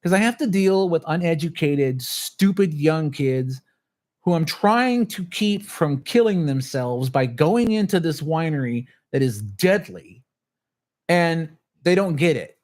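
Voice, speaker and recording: A man with a somewhat high voice ranting to his livestream viewers in a casual, heated way. He swears freely and slips into other people's lines as he retells a run-in. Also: expressive, a little slow, a little mellow. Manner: agitated, swearing storyteller who acts out others' lines. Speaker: channel host.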